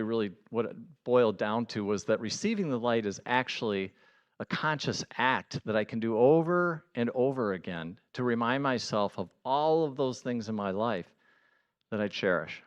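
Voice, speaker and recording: A man giving a conversational sermon as a pastor, earnest and building to excited emphasis. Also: lowish voice, smooth.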